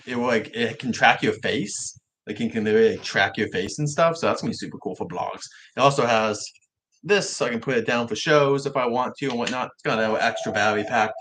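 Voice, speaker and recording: Young adult male vlogger, soft W-like R's, rambly casual livestream chat, mid-range voice. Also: medium pitch, quick pace, slight background noise. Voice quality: soft R's that come out like W's. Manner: rambling, self-correcting talk with frequent restarts.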